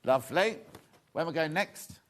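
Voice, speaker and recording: A man's voice: on the high side, lively intonation, normal speed. A man presenting a live shopping show, with cheerful, chatty sales patter and asides to the crew behind the camera. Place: TV studio.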